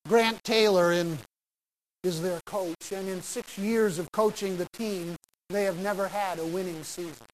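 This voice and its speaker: Pastor, exhorting sermon, punchy short phrases, faint hiss. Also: male voice, high-pitched, steady tone, unhurried, poor audio. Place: church sanctuary.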